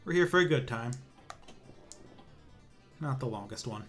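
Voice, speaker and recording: A man's voice: medium pitch, animated, a little slow, faint music behind. A young man streaming a pinball game, chatting casually in a rambling way with many restarts and sarcastic asides. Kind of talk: casual stream commentary while playing.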